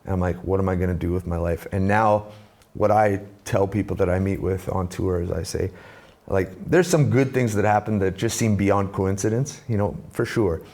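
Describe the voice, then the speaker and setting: Gravelly, dark-voiced man telling his story. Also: low-pitched, moderate pace. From Canada. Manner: animated storyteller, acts out quoted voices. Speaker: guest, musician and speaker. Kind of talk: conversational storytelling.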